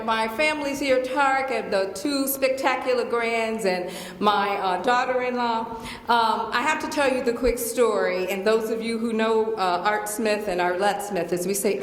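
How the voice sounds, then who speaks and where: A woman's voice: a little high, a little hiss or hum. Emphatic Southern woman in an echoey hall. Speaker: guest lecturer. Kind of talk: lecture Q&A. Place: large lecture hall. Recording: echoey hall with long reverb.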